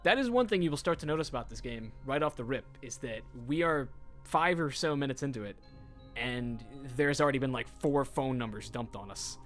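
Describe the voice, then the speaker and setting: A man's voice: medium pitch, animated, brisk, fairly bright tone, soft background music. A man casually commenting while streaming a game, joking and reading in-game notes aloud.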